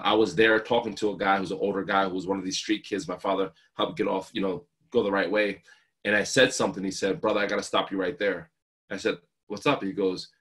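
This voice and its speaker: A man's voice: low voice, fairly bright tone. A man in his thirties from New Jersey, a guest speaker telling heartfelt, earnest stories about family. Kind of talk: emotional storytelling.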